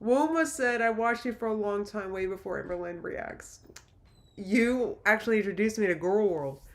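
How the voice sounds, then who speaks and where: This late-thirties YouTuber speaks at normal speed in a mid-range voice. Chatting casually on her livestream, she reads out viewer comments with plenty of emotion, rambling and frequently starting over.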